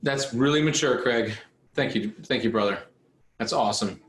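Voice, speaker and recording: A man's voice: mid-range voice, moderate pace, a bit bright, roomy sound, far from the mic, poor audio. A man coaching auto repair shop owners on a live online call. He talks in a fiery, blunt, motivational way with some mild swearing.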